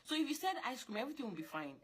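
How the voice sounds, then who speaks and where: A young woman, talking in an animated, scolding way, repeating her points and jumping up in pitch when she insists. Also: very fast, slight background noise. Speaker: girlfriend in a couple argument. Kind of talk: casual heated monologue.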